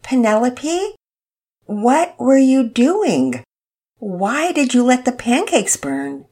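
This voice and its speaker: A woman voicing a patient mother who talks in slow, measured tones in a storybook reading. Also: lowish voice, very animated, a little mellow. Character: patient mother, gently exasperated.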